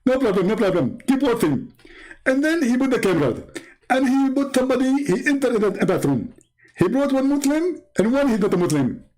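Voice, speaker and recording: A smug, pompous preacher lectures in a high, sing-song voice that swoops up and down. A man puts him on for a comedy skit. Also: big pitch swings, a little fast, darkish tone, low-quality recording. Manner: pompous, condescending, talks in a mock accent. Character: mock impression of a preacher, male, pompous, smug.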